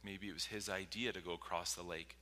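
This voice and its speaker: A male pastor giving a sermon, swinging from loud, forceful lines to hushed whispers, recorded in a church. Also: sits low, steady tone, a little fast, slight background noise. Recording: long reverb from a large hall.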